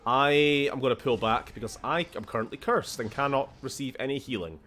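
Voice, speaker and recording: A Scottish-accented man streams a game with casual gameplay commentary, chatting, swearing, laughing often and shifting tone a lot. His mid-range voice comes out pushed and bright at a fairly quick pace.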